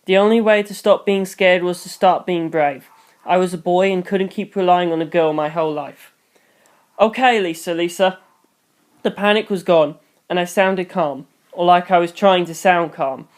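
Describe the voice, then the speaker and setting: A host reads a novel aloud in the first person, taking on a boy narrator's voice. The voice sits at a plain, middle pitch. Dry, deadpan humor slips into the asides. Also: moderate pace. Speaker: channel host reading a fan novel aloud.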